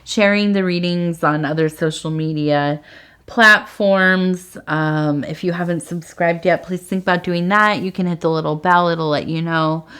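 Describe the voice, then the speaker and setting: A tea leaf reader speaks a bit slowly in a lowish, clean, slightly bright voice with fairly even intonation during her casual sign-off. Her farewell rambles and falters with frequent fillers; affectionate and earnest, she is close to crying.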